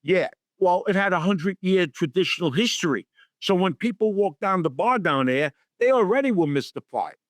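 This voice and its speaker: A middle-aged man appears as a guest in a storytelling interview, animatedly acting out the people he quotes in their voices. His voice sits high, his pace is normal, and there's no room sound.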